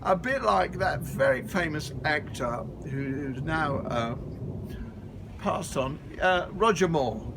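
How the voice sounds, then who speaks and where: A man's voice: fairly high pitch, animated, slow, gravelly, background noise. Rambling, jokey man. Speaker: vlogger. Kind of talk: casual chat to camera. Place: outdoors at a community garden. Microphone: camera held by a friend filming.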